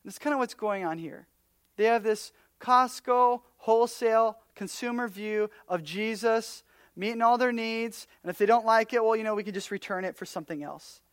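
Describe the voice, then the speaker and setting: High-voiced animated young-sounding preacher. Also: male voice, moderate pace, clean tone, dry recording. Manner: animated storyteller, acts out quotes, drops to near-whispers. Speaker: pastor. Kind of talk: casual sermon.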